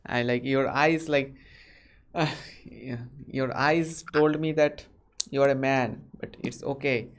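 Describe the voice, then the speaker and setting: A man's voice: mid-range voice, steady tone, takes it slowly. A man from India hosting casual video chats with strangers and asking lots of short, curious questions over a video call. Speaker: host.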